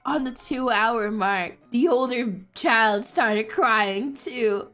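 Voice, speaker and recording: Young woman streamer rambling through a story, slow and animated, lots of laughing, faint music behind. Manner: animated, breaks into laughter, squeaky excited bursts. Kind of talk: casual storytelling on a live stream.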